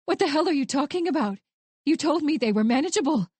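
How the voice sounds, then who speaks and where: A woman voicing an angry, frightened adult woman confronting her husband, sharp-edged and raw. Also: a little high, animated, measured pace, breathy edge, dry recording. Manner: sharp, rising and then breaking.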